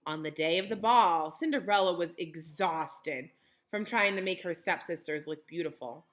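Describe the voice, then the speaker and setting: A young woman teacher reading a picture book aloud to children, pausing to explain words in simple terms. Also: lowish voice, fairly bright tone.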